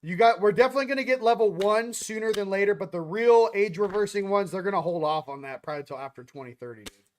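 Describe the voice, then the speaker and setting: A man's voice: high voice, fast, slight background noise. Slangy, rambling young man. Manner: loose, slangy, rambling with quoted asides. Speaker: spiritual channel host. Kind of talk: casual livestream monologue.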